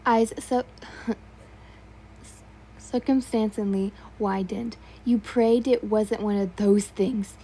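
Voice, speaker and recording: A woman reading a second-person fan story aloud in a sleepy, soft way. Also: medium pitch, steady tone, takes it slowly, long pauses, husky. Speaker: fan fiction reader.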